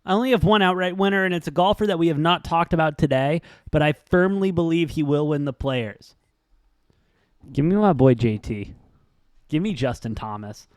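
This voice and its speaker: A man hosts a casual sports betting talk with a smooth, somewhat high voice. He rants bluntly and swears freely, recorded close and dry. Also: normal speed, no echo. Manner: blunt, profane, ranting. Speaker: sports betting show co-host.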